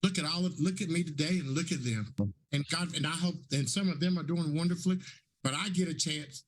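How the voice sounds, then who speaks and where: A raspy man in his fifties speaks on a panel in a fairly high voice. He is effusive and preachy and repeats his phrases for emphasis. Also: fast. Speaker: panelist and talk show host. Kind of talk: casual panel talk.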